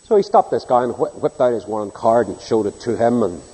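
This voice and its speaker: A man preaching a sermon in a large hall with a long, ringing reverb. His voice is dark and a little husky, and his pitch jumps around a lot as he acts out the people in his stories. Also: expressive, fairly quick. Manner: storytelling, mimics people in anecdotes, swings from hushed to loud.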